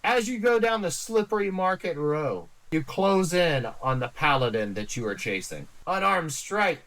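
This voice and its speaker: A man's voice: fairly high pitch, animated, moderate pace, fairly bright tone, poor audio. A man acting as game master, setting scenes in a tabletop role-playing game with dramatic narration.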